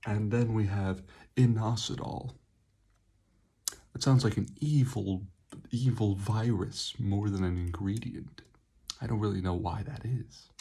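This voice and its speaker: A man's voice: fairly low pitch, steady tone, unhurried, vocal fry, dark tone, slightly rough. A young man reviewing an energy drink, making sarcastic, swearing asides. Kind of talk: casual product review vlog.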